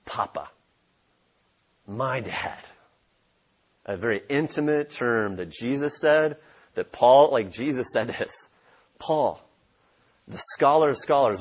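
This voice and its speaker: A man's voice: medium pitch, lively intonation, a little slow, long pauses, husky, muffled recording. A man preaching a sermon as pastor, emphatic and repeating his key points for stress.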